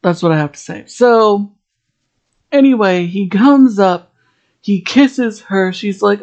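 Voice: medium pitch, takes it slowly, darkish tone, muffled recording. A podcast host in a casual episode recap, rambling and chatty, full of "like" fillers and restarts.

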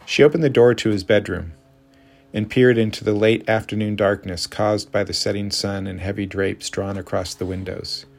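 Man reading a story with a gravelly voice. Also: on the low side, fairly even intonation, normal speed. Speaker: narrator.

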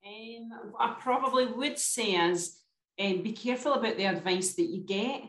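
A woman's voice: on the high side, normal speed. Chatty woman telling a story. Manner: chatty storyteller, often adds "do you know what I mean". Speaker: guest. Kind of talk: casual chat. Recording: roomy echo.

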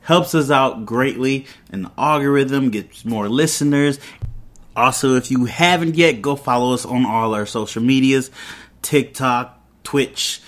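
A man's voice: medium pitch, unhurried. Chatty man hosting a recap podcast. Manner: loose, chatty retelling with asides and laughs. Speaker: podcast host. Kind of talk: casual episode recap.

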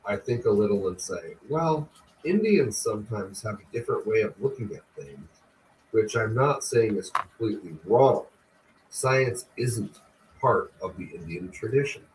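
A man, the host of a podcast, reading a book aloud slowly and deliberately. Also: lowish voice. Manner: slow, deliberate, even reading. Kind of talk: audiobook-style reading. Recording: distant mic with faint background noise.

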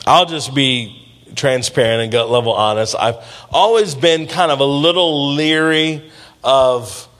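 A man's voice: medium pitch, fairly bright tone. A man preaching a sermon in a conversational way, calling on the congregation for responses and acting out the voices in his stories. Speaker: pastor.

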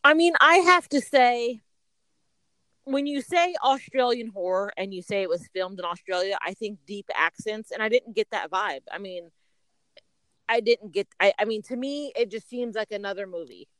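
A woman's voice: mid-range voice, moderate pace, pushed and bright, no room sound. A woman co-hosting a podcast in casual chat, teasing and blunt, often restarting her sentences. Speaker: podcast co-host.

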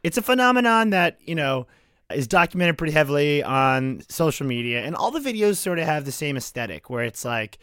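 A man's voice: fairly high pitch, very animated, a little fast, a bit bright, clean tone, no room sound, clean studio sound. Sarcastic young man co-hosting a podcast. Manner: joking, sarcastic storytelling. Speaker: podcast co-host. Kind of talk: casual chat.

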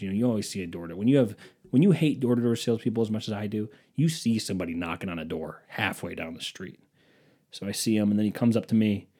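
A man's voice: on the low side, warm tone, husky. A young man hosting a casual comedic rant, sarcastic and profane, slipping into mocking impressions of people.

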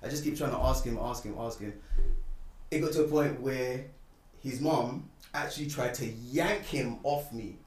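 A young man telling a personal story in casual chat, animated and getting louder when indignant. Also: mid-range voice, normal speed, far from the mic. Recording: roomy, away from the mic.

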